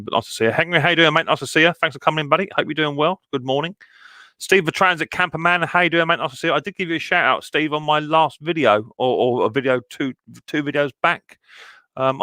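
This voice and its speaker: A man runs a live stream, chatting casually and greeting viewers by name with lots of ums and easy asides. His voice sits at an ordinary middle pitch. The sound is dry and close, with no room echo. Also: pushed and bright.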